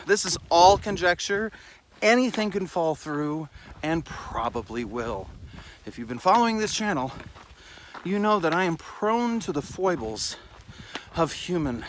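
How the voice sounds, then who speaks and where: A man's voice: on the high side, fairly bright tone, a little hiss or hum. A tired, slightly winded man talking casually to his camera while hiking outdoors on a trail, rambling and self-deprecating, with the odd swear word. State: tired and out of breath. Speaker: hiking vlogger. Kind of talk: casual walking vlog. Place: outdoors on a desert mountain trail. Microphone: handheld camera while walking.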